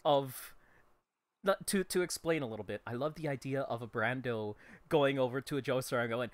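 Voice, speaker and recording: A player in a casual tabletop game session, bantering excitably and swearing freely. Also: mid-range voice, normal speed, no echo, clean studio sound.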